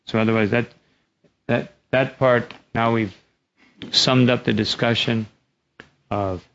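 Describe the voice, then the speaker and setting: A man with a gravelly, mid-pitched voice leads a scripture class. He tells a story and acts out its characters as he goes. The recording is dull and lo-fi. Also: steady tone, slow pace, a bit bright. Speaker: religious teacher.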